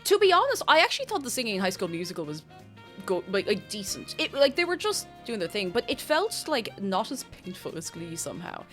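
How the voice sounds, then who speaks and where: Young adult woman, streamer; casual, animated chat with wide pitch swings, some faint music in the background. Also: a little fast. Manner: animated, self-interrupting, chatty with viewers. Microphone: desk microphone.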